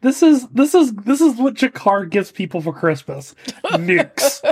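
A woman co-hosting a podcast who chimes in with dry, quick factual asides in casual chat. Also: fairly high pitch, very animated, a little mellow, slightly rough. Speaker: podcast co-host.

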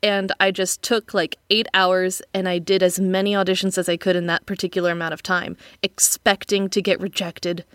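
A woman's voice: on the low side, little pitch movement, moderate pace, few pauses, a bit bright, no room sound, clean studio sound. A woman voice actor chatting candidly and self-deprecatingly about auditions. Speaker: voice actor guest. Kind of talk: casual chat.

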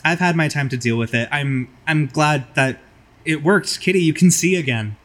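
A man voicing a gentle, reassuring woman scientist ghost in a tabletop game. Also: on the high side, normal speed, lightly acted. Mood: tender. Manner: soft, reassuring.

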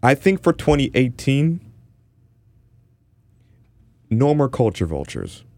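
A man's voice: medium pitch, big pitch swings, normal speed, warm tone, no room sound. A man from Toronto, co-hosting a casual podcast and ranting passionately with lots of restarts. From Toronto, Canada. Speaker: podcast co-host.

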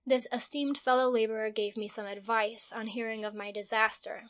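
Woman reading an audiobook, kinda high voice, big dramatic mock-heroic delivery. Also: steady tone, normal speed, fairly bright tone. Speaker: audiobook narrator. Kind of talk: scripted narration of a first-person diary.

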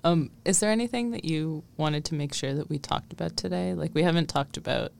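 A woman's voice: deep voice, fairly quick, vocal fry, a little mellow, a little hiss or hum. A woman interviewing a guest, asking brief, encouraging questions. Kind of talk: casual interview.

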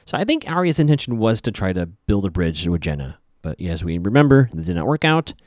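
A man's voice: fairly low pitch, sing-song, a little fast, darkish tone, dry recording. Guy recapping a tv episode, voice bounces up and down a lot, dry close sound, chatty and wry. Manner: chatty, wry asides, many fillers. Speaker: podcast host recapping a TV episode.

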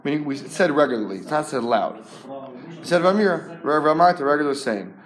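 Man teaching a lively Talmud class. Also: a little high, a little fast. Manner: explains with rhetorical questions, repeats words, translates Hebrew terms. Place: classroom with students.

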